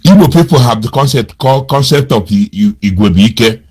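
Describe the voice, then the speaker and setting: A man's voice: medium pitch, expressive, brisk, a little mellow, breathy edge. A middle-aged man from Nigeria giving critical commentary in an emphatic, repetitive manner, full of rhetorical questions. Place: lives in America.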